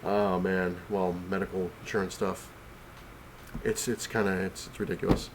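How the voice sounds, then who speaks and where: A comic collector vlogger, sick and breathless, rambles about comics from his couch at home. His low voice is flat and moderately paced, with slight background noise. It's a casual, rambling vlog full of fillers and restarts.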